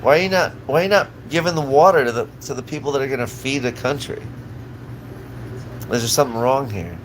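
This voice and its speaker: A man streams live, ranting in a profane, agitated voice. He rambles and restarts his sentences constantly, his pitch sitting in a plain middle range for a man. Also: brisk, slight background noise, poor audio. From Southern California.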